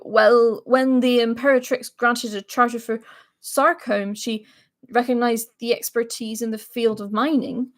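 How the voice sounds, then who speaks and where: A woman playing a nervous male envoy, hesitant, halting delivery, read-aloud story. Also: fairly high pitch, close to an everyday voice. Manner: halting, stumbling over words.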